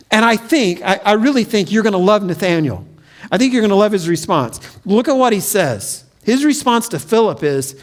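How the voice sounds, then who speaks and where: A man preaching a sermon as pastor of a church, telling stories in an animated way and acting out the quotes. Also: sits high. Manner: animated storytelling with acted-out quotes. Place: church sanctuary.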